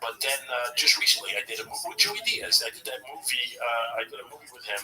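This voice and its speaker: A man's voice: mid-range voice, very animated, fast talker, bright, forceful tone, distant mic, rough recording. A man telling a rambling story in casual chat, with lots of restarts and fillers.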